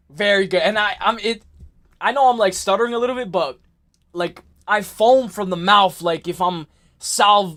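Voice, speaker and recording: A young man hosting a livestream in casual chat, excitable and rambling, often repeating himself and saying "like" and "bro". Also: high-pitched. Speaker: livestream host.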